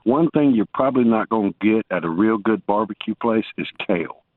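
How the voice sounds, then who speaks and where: A man's voice: fairly low pitch, animated, brisk, slight background noise. A man calling in to a talk show, rambling, restarting his sentences and teasing the host good-naturedly. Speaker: caller. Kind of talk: casual call-in banter. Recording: tinny phone line.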